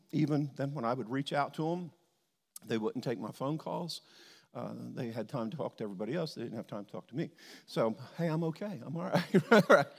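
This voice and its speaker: A man's voice: mid-range voice, creaky, darkish tone, in a large hall. A man preaching a sermon as a pastor, telling a personal story and acting out his conversations with God.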